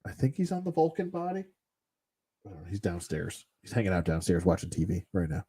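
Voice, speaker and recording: A man's voice: deep voice, big pitch swings, fairly quick, dark tone, slightly rough. A man casually reviewing action figures off the cuff, rambling and blunt, with some mild cursing. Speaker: toy collector reviewer. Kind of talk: casual unscripted toy review.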